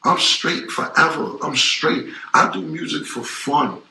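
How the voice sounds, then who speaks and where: A man's voice: fairly high pitch, a little slow, vocal fry, sharp tone, slight background noise. A man in his forties talking in a casual interview, emphatic and repetitive, with a profane street way of speaking. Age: 40s. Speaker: interview guest. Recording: roomy echo.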